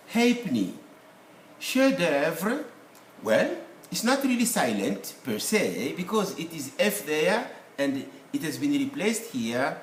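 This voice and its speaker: A man teaching English pronunciation, speaking slowly and deliberately and repeating each word for drill. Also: fairly high pitch. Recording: echoey room with faint ambient noise.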